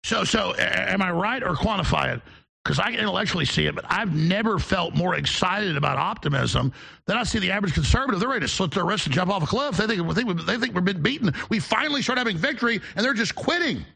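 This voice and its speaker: A man with a gravelly voice in casual chat, preaching in long rambling runs that stop and restart. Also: high voice, lively intonation, fast, pushed and bright. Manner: preachy, rambling, self-interrupting.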